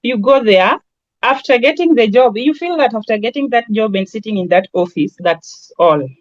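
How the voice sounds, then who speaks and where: A woman's voice: on the high side, lively intonation, moderate pace, no room sound. Kenyan woman teaching, with a dry, muffled sound. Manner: conversational, with lots of everyday examples and Swahili asides. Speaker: branding trainer. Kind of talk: lecture.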